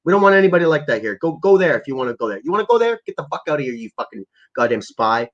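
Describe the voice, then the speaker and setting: A man's voice: a little high, big pitch swings, very fast, dull audio. A man from Canada ranting casually and profanely to his live chat as a stream host, rambling and heated. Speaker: livestream host.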